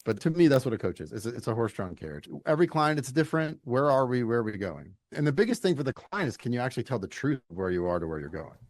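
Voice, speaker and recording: Animated middle-aged man from Louisiana. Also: medium pitch, fast talker, few pauses, no echo. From Louisiana, United States. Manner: animated storyteller, emphatic and folksy. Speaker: leadership coach, podcast guest. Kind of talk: conversational interview.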